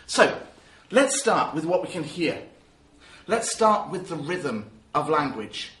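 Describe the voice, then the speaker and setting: A man teaching about verse in a lively, emphatic way. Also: on the high side, roomy sound. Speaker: drama teacher. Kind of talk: spoken lesson.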